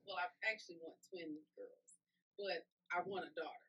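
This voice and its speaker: A woman in her forties guesting on a podcast, telling stories with animated energy and acting out the dialogue. Her voice is bright and swings widely in pitch. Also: normal speed, soft background music, low-quality recording. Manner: animated, acts out dialogue in the story. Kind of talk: casual storytelling.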